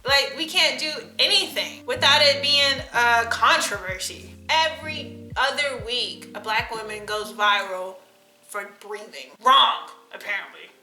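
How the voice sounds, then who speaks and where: A woman's voice: fairly high pitch, unhurried, sharp tone. A young woman, ranting bluntly and sarcastically through a casual list video. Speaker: vlogger. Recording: echoey room with faint music.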